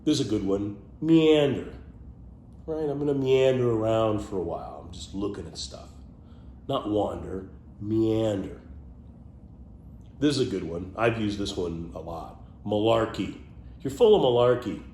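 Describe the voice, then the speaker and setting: Man, lowish voice, playful casual monologue with muttered asides, roomy sound, faint hum behind. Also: animated, normal speed, warm tone. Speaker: vlogger sharing favorite words.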